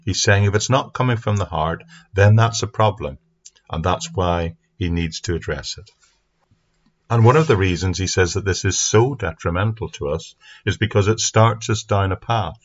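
A man giving an earnest, steady Bible teaching talk into a microphone for an online audience. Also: deep voice. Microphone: speaking into a mic. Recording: dull lo-fi sound.

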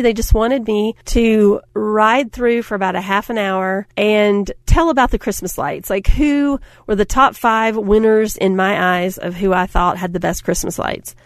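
A middle-aged woman giving a motivational talk, telling stories in an animated way, acting out quotes and laughing often. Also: mid-range voice, no echo, studio quality. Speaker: speaker.

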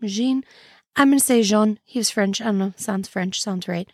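A woman's voice: mid-range voice, brisk, no echo, clean studio sound. A woman hosting a casual history podcast, telling the story with wry, sarcastic asides. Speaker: podcast host.

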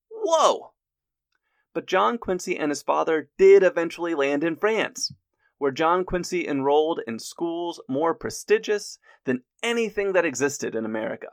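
A man narrating history from a script, lively with jokey asides. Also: fairly high pitch, dry recording, clean studio sound.

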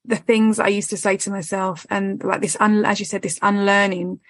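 A woman's voice: medium pitch, flat delivery, moderate pace, no echo. A woman, hosting a casual podcast chat, candid and swearing freely as she acts out what others say. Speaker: podcast host.

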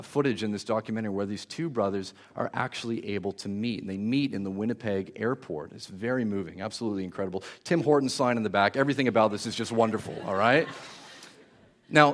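A man preaching a sermon, telling a moving story with warmth and hushed, emotional moments. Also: mid-range voice.

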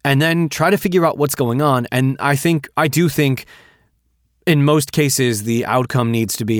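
A man's voice: medium pitch, normal speed, no echo, studio quality. Blunt, swearing man giving advice. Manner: blunt, profane, candid advice. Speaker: podcast co-host. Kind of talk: casual chat.

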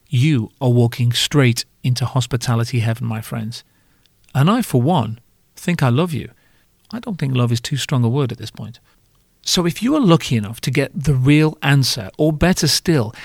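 A man's voice: mid-range voice, vocal fry, no room sound, clean studio sound. A man hosting a podcast, delivering a scripted comic monologue in a wry, self-mocking way with casual swearing. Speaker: podcast host.

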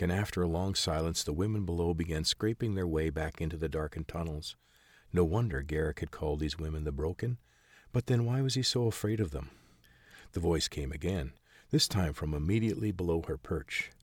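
Male narrator, very low voice, dry close sound, measured fantasy storytelling. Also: dry recording. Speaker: audiobook narrator.

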